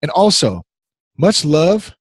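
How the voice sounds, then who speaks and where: Man, podcast host, husky voice, dry close sound, rambling and playful. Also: a little high, very animated, slow, no room sound. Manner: rambling, easily distracted, playful. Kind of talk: casual rambling podcast talk.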